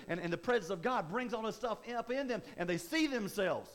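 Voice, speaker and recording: A man's voice: sits high, lively intonation, a little fast, few pauses, a bit bright. A man preaching a sermon in a conversational way, often repeating and restarting words. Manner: repetitive, stammering restarts, conversational.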